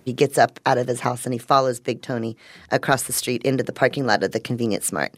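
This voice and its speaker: Low-voiced woman narrating a radio story. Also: fairly even intonation, dry recording. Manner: conversational, measured narration. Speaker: reporter narrating.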